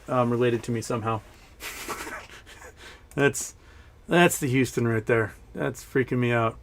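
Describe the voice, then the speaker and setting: A man's voice: medium pitch, a bit bright. Rambling man hosting a live stream. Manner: rambling, reading chat aloud, laughs often. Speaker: livestream host. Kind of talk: casual live-stream chat.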